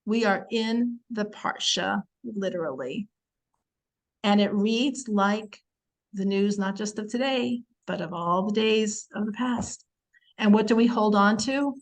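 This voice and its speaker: A woman teaching the weekly Torah portion in a chatty, animated way, acting out quotes and using many fillers. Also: mid-range voice, a little slow, rough recording.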